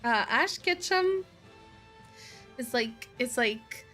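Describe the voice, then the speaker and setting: A woman's voice: on the high side, animated, slow pace, pushed and bright, soft background music. A woman who did not grow up speaking English, chatting shyly and giggling as she answers viewer questions on a live stream. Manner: giggly and shy, laughs often, many fillers.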